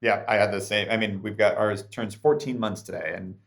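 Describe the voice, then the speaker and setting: A man's voice: on the low side, steady tone, a little fast, gravelly, a bit bright. A man in his thirties hosting a podcast interview, chatting casually, joking and laughing often. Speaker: podcast host.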